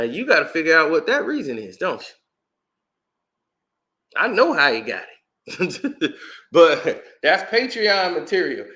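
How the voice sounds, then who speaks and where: Man, high voice, casual storytelling host, animated, echoey room. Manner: animated, acts out quotes, laughs often.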